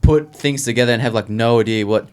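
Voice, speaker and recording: A man's voice: mid-range voice, fast. Rambling young man, swearing. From Australia. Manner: rambling storyteller, swears freely. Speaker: podcast co-host. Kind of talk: casual chat.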